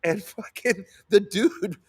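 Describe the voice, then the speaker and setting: Man chatting casually, lively and animated, heavy on filler words. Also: high-pitched, slow, slightly rough. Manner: animated, swears freely, many fillers. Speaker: sea moss seller. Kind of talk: casual storytelling chat.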